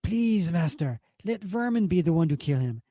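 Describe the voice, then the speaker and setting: A man's voice: a little high, expressive, moderate pace, warm tone, no room sound, studio quality, voice pushed up. A man voicing a male mutant who begs his master to let him kill. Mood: bloodthirsty.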